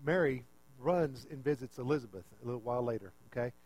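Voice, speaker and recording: A man preaching a conversational, animated sermon, full of rhetorical questions. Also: mid-range voice, quick pace, rough recording.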